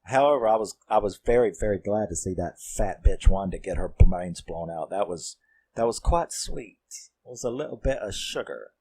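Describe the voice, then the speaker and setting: Rambling horror reviewer, male, lowish voice, swears a lot and gets worked up. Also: animated, moderate pace, mellow, slightly rough. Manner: rambling, profane and fired up. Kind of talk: casual spoken film recap.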